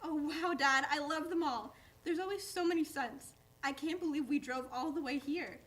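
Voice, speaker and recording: An eager young male dog in a play reading, high and chatty, forever calling his owner "Dad.". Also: normal speed, a bit bright. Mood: excited.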